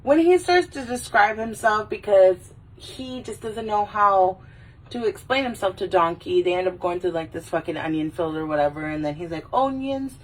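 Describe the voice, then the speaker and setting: A woman vlogger chatting casually while a little drunk, rambling, swearing freely and slipping into quick silly voices. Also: medium pitch, far from the mic, low-quality recording. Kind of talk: casual tipsy chat.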